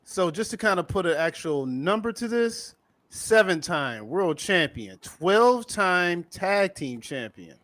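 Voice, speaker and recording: A man with a fairly high, very lively voice that swings up and down as he lists wrestling records. He hosts a casual podcast and mixes the stat-reading with jokes. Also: a little slow, no room sound. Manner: reels off stats, lively and joking. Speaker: podcast host.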